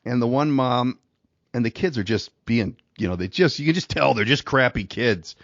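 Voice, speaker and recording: A middle-aged man co-hosting a podcast, spinning a rambling anecdote and chuckling as he goes. His voice sits at an ordinary pitch, recorded dry and a little dull, as from a home setup. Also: expressive, normal speed, no echo. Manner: rambling, laughs through his stories. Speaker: podcast co-host. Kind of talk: casual storytelling chat.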